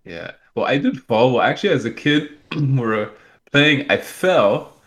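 A man's voice: medium pitch, animated, measured pace, a bit bright. A young man chatting casually, rambling and joking with lots of fillers. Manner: rambling, jokey, filler-heavy. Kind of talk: casual chat.

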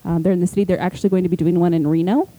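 A woman co-hosting a podcast, telling excited, chatty stories in casual conversation. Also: fairly low pitch, rapid-fire, rough recording. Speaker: podcast co-host. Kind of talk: casual chat.

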